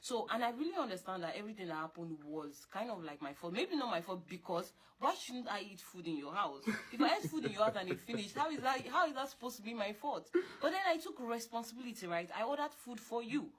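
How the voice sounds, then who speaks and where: A young woman, talking in an animated, scolding way, repeating her points and jumping up in pitch when she insists. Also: fast talker, few pauses, slightly rough. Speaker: girlfriend in a couple argument. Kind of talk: casual heated monologue.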